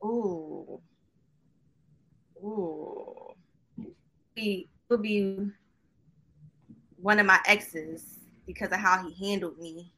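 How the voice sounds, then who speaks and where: A young woman answers questions as a guest in a relaxed, candid chat and laughs a lot. Her voice is very bright and sharp. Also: medium pitch, very slow, pauses often. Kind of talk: casual interview chat.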